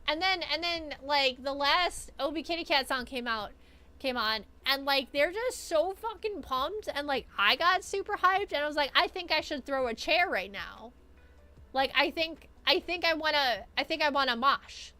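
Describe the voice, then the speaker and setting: A young adult woman streamer telling a story in casual chat, excitable, filling her talk with "like" and swinging between loud bursts and mumbled asides. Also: high voice, moderate pace. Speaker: streamer recapping an event.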